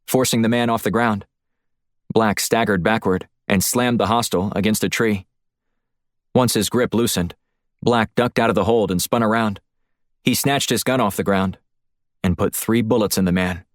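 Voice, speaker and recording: Low-voiced male thriller narrator. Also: no room sound, studio quality. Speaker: audiobook narrator. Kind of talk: scripted narration.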